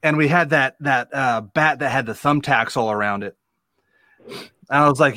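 A man's voice: medium pitch, normal speed, bright, forceful tone, no echo. Rowdy man telling wrestling stories. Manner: rowdy, swears freely. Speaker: guest, wrestler. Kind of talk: casual storytelling.

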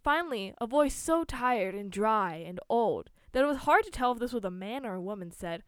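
Clear-voiced woman reading a spooky story. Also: on the high side, animated, normal speed, no room sound. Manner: reads with small slips and restarts.

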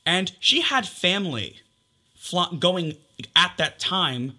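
A young man and podcast co-host telling a story in a casual chat, animated and swearing as he acts out text messages. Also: high-pitched. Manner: animated, swearing, quick retelling with quoted texts.

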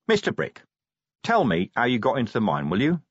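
A weary watch commander speaks in a dry, clipped, sardonic manner, as a man plays him. His voice is husky and somewhat raised. The recording is dry and slightly dull. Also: mid-range voice, huge pitch swings, brisk, no echo.

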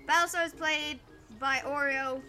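A woman's voice: high voice, normal speed. A woman narrating as game master of a tabletop game, cheerfully wrapping up with sign-off plugs. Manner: friendly, animated outro plugs.

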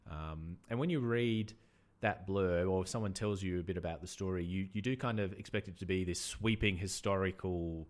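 Man, Australian accent, very deep voice, podcast co-host, casual chat, hesitant, lots of ums. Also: moderate pace. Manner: relaxed, hesitant with many ums.

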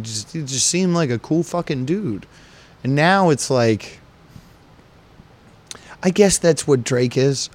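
A man hosting a solo podcast, talking in a profane, rambling and joking way. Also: mid-range voice. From United States. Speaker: podcast host. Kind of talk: casual solo podcast monologue.

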